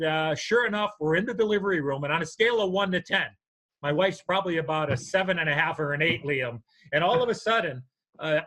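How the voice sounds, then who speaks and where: An older man telling a story on a podcast, his voice bright and a little high, and he acts out every character as he goes. Lively and animated, he's a natural storyteller in easy chat. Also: low-quality recording. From United States. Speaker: podcast co-host.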